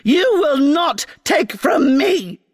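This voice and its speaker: A woman voicing a furious female grass spirit queen, shouting in a brassy, booming voice with whip-crack syllables. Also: lively intonation, takes it slowly. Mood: raging.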